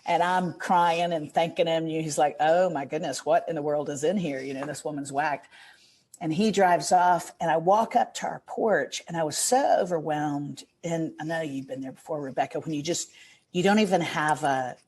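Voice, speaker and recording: A woman's voice: low voice, moderate pace, darkish tone, breathy edge. A middle-aged woman, a podcast guest, telling an earnest and emotional story in a casual interview.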